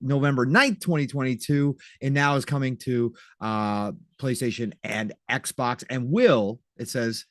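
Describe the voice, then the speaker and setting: A man's voice: mid-range voice, unhurried, few pauses, fairly bright tone, no echo, studio quality. A man co-hosting a podcast, reading out game release news in a chatty, upbeat way. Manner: chatty, upbeat, breaks into playful mock voices. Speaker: podcast co-host.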